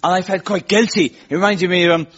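A man's voice: high voice, fairly even intonation, fast, a bit bright, breathy edge. A man hosting a comedy show, telling dry, self-mocking stories to a live audience. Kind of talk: stand-up monologue before a live audience. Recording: dull lo-fi live recording with crowd laughter and noise. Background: audience laughter.

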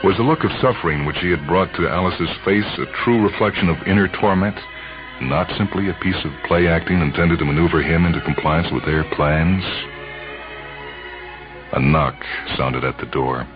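A man narrating a story in a measured, brooding way. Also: low voice. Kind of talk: dramatic audiobook narration. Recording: muffled lo-fi recording, faint music.

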